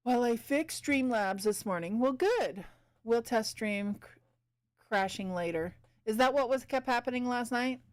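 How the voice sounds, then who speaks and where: A woman streamer chatting casually as she paints. Her voice is smooth and clear, and she keeps up an easy back-and-forth with her viewers while she works. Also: a little high, expressive, unhurried. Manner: chatty, talks to chat while working.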